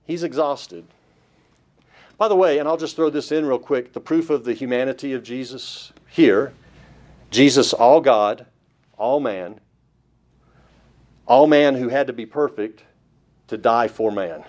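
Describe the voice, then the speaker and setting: A man's voice: medium pitch, measured pace, long pauses, a little mellow. A man preaching a Bible-study sermon, emphatic, with rhetorical questions put to listeners. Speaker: pastor.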